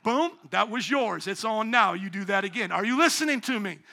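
A man preaching a sermon as pastor, emphatic, dropping to hushed tones and rising to loud calls to the congregation. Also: high-pitched, lively intonation, brisk, gravelly. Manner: call-and-response with congregation.

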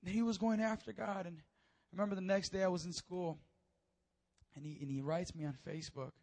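A young man preaching a sermon, telling a story with emotion and swelling to near shouts at the high points. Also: fairly even intonation, a little fast.

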